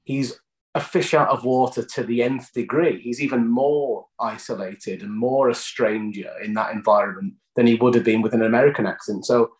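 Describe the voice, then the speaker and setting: A man's voice: medium pitch, normal speed, echoey room, rough recording. A British man, an actor, answering interview questions in a chatty storytelling way, often restarting phrases.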